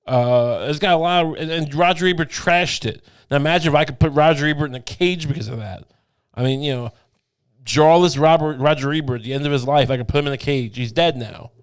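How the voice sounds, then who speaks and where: A man's voice: on the high side, fairly quick, smooth. A young adult man hosting a podcast, rambling and cursing in casual comedic chat, laughing often. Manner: rambling, profane, laughs a lot. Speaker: podcast host.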